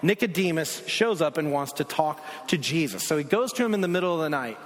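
A man preaching a sermon in a casual, conversational way, full of asides, swinging from loud bursts down to hushed low passages. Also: expressive, fairly quick. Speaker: pastor. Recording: long reverb of a large hall.

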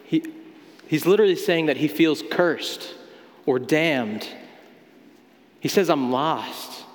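A man's voice: a little high, lively intonation, slow pace. A man preaching a sermon as pastor, talking in a conversational way with everyday examples. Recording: long hall reverb.

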